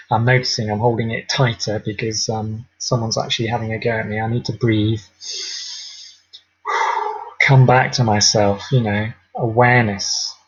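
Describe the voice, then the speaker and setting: A man teaching mindfulness in a gentle, unhurried way, with ums and small laughs along the way. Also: fairly low pitch, husky. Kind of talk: relaxed spoken teaching. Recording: dull lo-fi audio.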